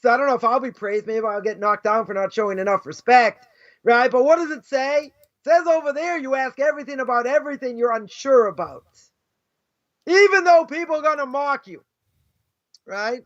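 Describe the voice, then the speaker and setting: High-voiced rabbi, animated storytelling lecture. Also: male voice, normal speed. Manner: animated, repeats "right?" often, acts out quoted voices. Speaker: rabbi teaching Jewish ethics. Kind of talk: informal lecture with stories. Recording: dull lo-fi sound.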